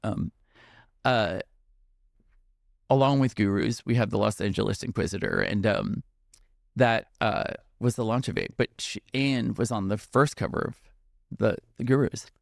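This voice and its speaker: A man's voice: fairly low pitch, unhurried, creaky, long pauses, no room sound, clean studio sound. A man, a podcast guest, telling a heartfelt story in a tearful, emotional way, with many fillers and restarts.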